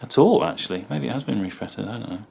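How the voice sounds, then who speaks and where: A man's voice: mid-range voice, lively intonation, quick pace, creaky, a little mellow. A man presenting a guitar in a casual, rambling way, with many ums and asides. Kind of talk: casual talk to camera.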